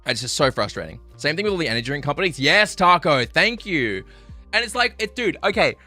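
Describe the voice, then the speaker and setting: Male streamer, live-stream rant, bright forceful voice, slightly high, frustrated and profane. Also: very animated, rapid-fire, soft background music. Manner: swings between loud outbursts and low muttering.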